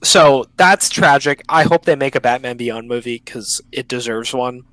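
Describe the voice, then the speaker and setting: A man's voice: mid-range voice, moderate pace, a bit bright, no room sound, poor audio. A young man hosting a casual podcast chat over an online call, enthusiastic and slangy, often cutting himself off mid-sentence. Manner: enthusiastic, slangy, self-interrupting. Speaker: podcast host.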